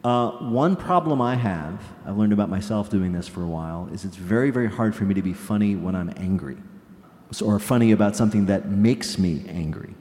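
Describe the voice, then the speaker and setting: A man hosting a panel, asking measured, thoughtful questions. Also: fairly low pitch, lively intonation, warm tone. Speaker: host. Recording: long hall reverb.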